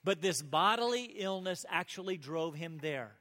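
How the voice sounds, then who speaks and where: A man preaching a sermon as pastor, earnest, rising to emphatic peaks and dropping to soft asides. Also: high-pitched, expressive, normal speed. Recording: long hall reverb.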